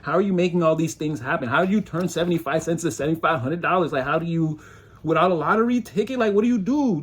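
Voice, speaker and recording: A man's voice: a little high, breathy edge. A man giving a casual, rambling tarot reading, talking loosely and slipping into mocking voices when he quotes people. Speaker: tarot reader.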